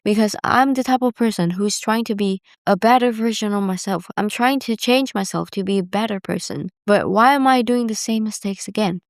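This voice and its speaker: Candid young woman with vocal fry. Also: medium pitch, normal speed, few pauses, dry recording, studio quality. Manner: candid, rambling, heavy use of "like". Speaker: podcast host. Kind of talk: casual solo confessional talk.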